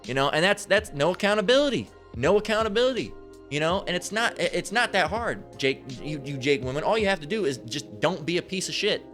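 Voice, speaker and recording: A man's voice: sits high, animated, fairly quick, a bit bright, faint music behind. A man preaching over a Bible passage in a crude, profane rant. He stammers, restarts often and keeps asking "right?". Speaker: street preacher.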